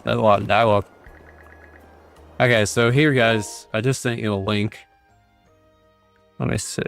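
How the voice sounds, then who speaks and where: A man's voice: fairly low pitch, clean tone, dry recording. A man streaming a video game, talking casually and rambling as he reads text aloud with many fillers. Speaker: gaming streamer. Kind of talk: casual livestream commentary. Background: faint game music.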